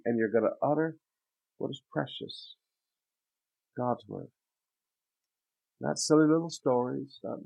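A man's voice: mid-range voice, vocal fry, warm tone, husky. A man preaching a sermon as a pastor, reading scripture aloud and then expounding it emphatically. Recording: tinny phone-like sound.

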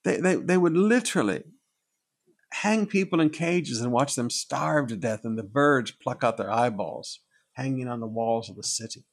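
A man preaching a sermon, with a gravelly, husky voice, repeating phrases for emphasis. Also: medium pitch, moderate pace. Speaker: pastor.

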